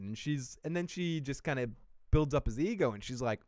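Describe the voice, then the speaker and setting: A man's voice: on the high side, a little slow, smooth, no room sound, studio quality. A man hosting a live TV episode recap, talking in a rambling, jokey, profane way. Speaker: TV recap host. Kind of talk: casual live-stream recap.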